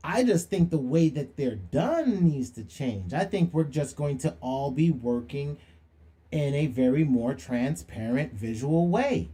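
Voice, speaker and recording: A man's voice: fairly high pitch, animated, measured pace, mellow. A young man hosting a livestream monologue, preachy and slangy, firing rhetorical questions and calling people out. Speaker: livestream host.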